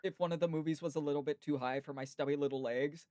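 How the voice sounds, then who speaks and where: A man's voice: a little high, fairly even intonation, fast talker, mellow, no echo, clean studio sound. A man from the United States hosting a podcast, chatting casually and telling long, rambling stories. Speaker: podcast host. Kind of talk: casual chat.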